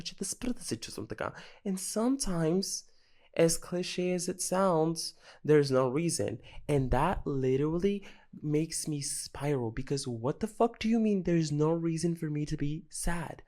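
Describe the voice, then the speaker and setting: A man's voice: a little high, darkish tone. A young man hosting his own podcast, talking off the cuff in a dramatic, self-mocking rant full of swearing. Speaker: podcast host. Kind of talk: casual solo podcast rant.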